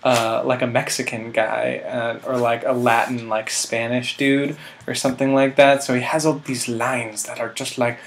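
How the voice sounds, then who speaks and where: A man's voice: mid-range voice, flat delivery, moderate pace. A man in his twenties telling a rambling, self-mocking comic story, full of filler words. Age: 20s. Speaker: vlog host.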